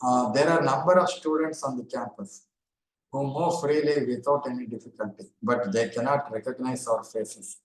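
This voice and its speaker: Older Indian man lecturing, echoey room. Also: mid-range voice. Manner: steady explanatory delivery with frequent "uh" pauses and repetitions. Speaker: lecturer, former university librarian. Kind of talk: online lecture.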